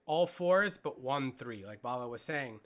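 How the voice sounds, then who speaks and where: A man's voice: medium pitch, expressive, a little slow, a bit bright. A man co-hosting a rhythm workshop, explaining ideas and asking the teacher to demonstrate. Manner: explains and asks questions. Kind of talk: casual discussion.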